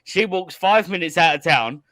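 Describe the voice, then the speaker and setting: A man's voice: a little high, animated, normal speed, pushed and bright, no echo. A man co-hosting a podcast, chatting casually, swearing and laughing a lot as he acts out quotes. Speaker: podcast co-host. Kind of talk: casual chat, movie review.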